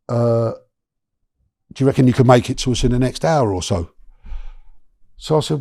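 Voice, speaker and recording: A middle-aged man, telling a long personal story in a chatty, animated way as a podcast guest. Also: medium pitch, normal speed, gravelly, long pauses, no room sound, clean studio sound. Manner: animated, chatty, lots of restarts and slang.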